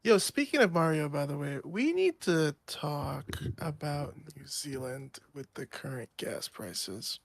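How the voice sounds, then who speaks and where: Gravelly young man chatting over gameplay. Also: fairly high pitch, measured pace, few pauses, dry recording. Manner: joking, laughs often, animated banter. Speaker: streamer. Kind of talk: casual gaming chat.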